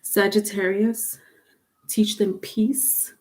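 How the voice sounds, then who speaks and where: A woman's voice: medium pitch, flat delivery, takes it slowly, darkish tone. A middle-aged woman giving a casual tarot livestream. She talks in a chatty, repetitive way and laughs often. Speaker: tarot reader.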